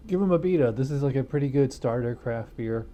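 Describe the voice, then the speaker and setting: A man's voice: medium pitch, expressive, a little fast, mellow, a little hiss or hum. A middle-aged man reviewing a beer on his own channel, talking in a loose, rambling way with lots of fillers. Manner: rambling, filler-heavy, laid-back. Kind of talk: casual chat.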